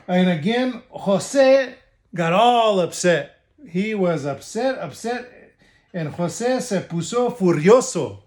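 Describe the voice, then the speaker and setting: A state official reads a children's picture book aloud to kids, pausing for explanatory asides and moving easily between languages. His voice is high for a man, expressive and a little mellow.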